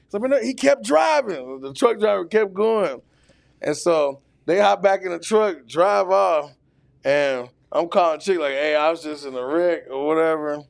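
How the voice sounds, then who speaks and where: A man's voice: on the high side, moderate pace, gravelly, no echo, clean studio sound. A man telling a long, profane, rambling story as a podcast guest, full of fillers. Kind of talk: casual storytelling. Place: podcast studio.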